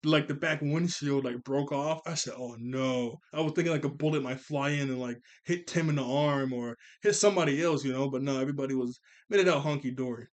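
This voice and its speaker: A man casually recapping a movie, rambling and excitable, often correcting himself mid-sentence. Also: on the high side, fast talker, few pauses. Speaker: movie reviewer.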